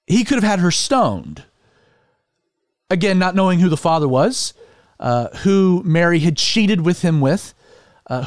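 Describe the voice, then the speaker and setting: High-voiced man talking animatedly. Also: no room sound, studio quality. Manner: animated, with many fillers and restarts. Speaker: podcast host. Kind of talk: casual religious discussion.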